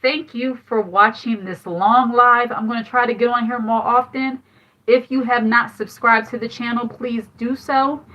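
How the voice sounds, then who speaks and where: A woman's voice: a little high, fairly even intonation, moderate pace. Chatty woman on a dull lo-fi livestream. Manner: candid, chatty storytelling with frequent laughs. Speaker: livestream host giving life advice. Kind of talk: casual livestream chat.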